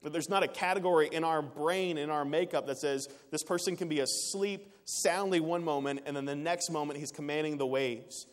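A man preaching a sermon in an earnest way, rising to emphatic peaks and dropping quiet again. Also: on the high side, steady tone, a little fast, few pauses. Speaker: pastor. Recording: long reverb of a large hall.

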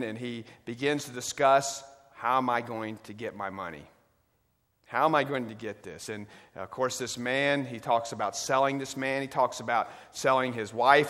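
A man preaching a sermon, retelling a story with dramatic swings between loud, lively passages and hushed ones. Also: medium pitch. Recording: long reverb of a large hall.

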